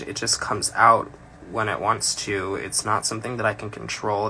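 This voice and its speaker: A man's voice: fairly low pitch, gravelly, bright, forceful tone, slight background noise. A man doing a casual makeup tutorial on a phone livestream, chatty and playful, rambling and joking about himself as he works.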